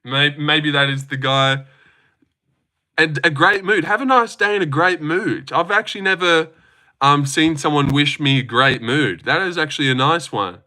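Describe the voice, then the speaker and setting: A man's voice: a little high, normal speed, bright, forceful tone. A man hosting a casual livestream, reading and joking about chat messages. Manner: joking, chatty, reacts to chat messages aloud.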